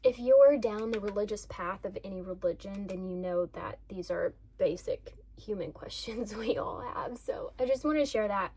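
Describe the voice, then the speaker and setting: A woman's voice: medium pitch, normal speed, hardly any pauses, darkish tone, breathy edge. A woman in her thirties, a mom vlogging in casual chat to the camera, gushing and chatty with lots of fillers.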